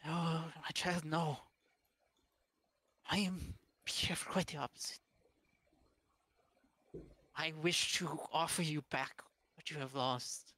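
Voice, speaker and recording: A tender fey spirit woman, played by a man in a tabletop game, speaking in a soft, slightly raised and bright voice. She is gentle and sorrowful, and often sinks toward a hush. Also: fairly high pitch, fairly even intonation, slow pace, pauses often, no echo, voice pushed up, heavily acted. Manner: soft, tender, sometimes whispered.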